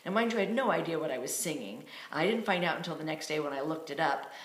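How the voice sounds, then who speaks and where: A woman with a low-pitched voice tells a personal story with a flair for the dramatic. She is an animated coach, speaking in a roomy, echoey space. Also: quick pace. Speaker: authenticity coach.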